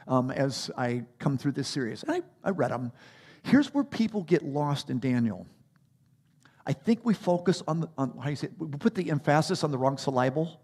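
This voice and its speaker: A man preaching a sermon as a pastor, animated, rising to emphatic peaks and dropping to quiet asides. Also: a little high, slightly rough.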